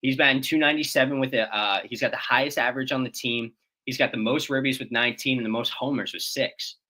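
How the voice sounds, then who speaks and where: A man's voice: medium pitch, steady tone, fast talker, sharp tone, rough recording. A man co-hosting a morning baseball show, reeling off player stats in easygoing banter. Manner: reads stats, laid-back banter. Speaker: co-host. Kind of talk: casual sports talk.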